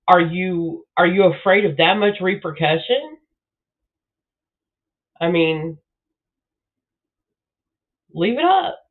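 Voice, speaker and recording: Blunt Texan woman, tinny phone-like sound. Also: fairly low pitch. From Southeast Texas. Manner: blunt, exasperated, swears freely. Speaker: live streamer. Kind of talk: casual live-stream rant.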